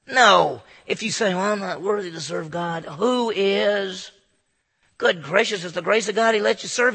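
A man's voice: high voice, normal speed, gravelly, bright, forceful tone, slightly rough, big-room sound. A man giving an earnest, informal devotional talk to a group in a room, often stammering and restarting his sentences. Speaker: Christian speaker.

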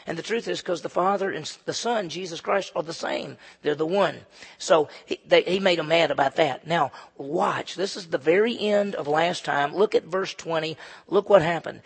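A man preaching a conversational, emphatic sermon as pastor, swinging between loud and soft. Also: a little high, normal speed, vocal fry, slightly rough. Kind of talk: expository sermon. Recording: long hall reverb.

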